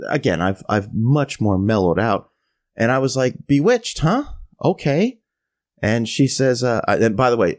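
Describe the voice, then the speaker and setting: A middle-aged man on a podcast telling a long funny story, bouncing into exaggerated voices for the people he quotes. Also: medium pitch. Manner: animated, mimics voices in quoted lines. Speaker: podcast co-host. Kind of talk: casual storytelling rant.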